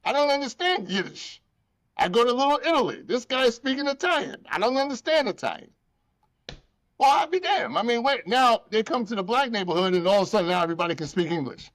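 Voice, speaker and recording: Very high-pitched and talking fast, a man hosts a laid-back podcast recorded with no room sound. He's an animated storyteller who pours feeling into his tales, performs the voices of the people in them and swears freely.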